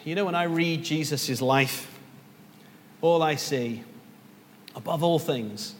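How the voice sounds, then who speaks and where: Guy preaching a sermon, kinda high voice, long echoey hall, faint room hum. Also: slow, long pauses. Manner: earnest preaching, rises to emphatic peaks. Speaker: pastor.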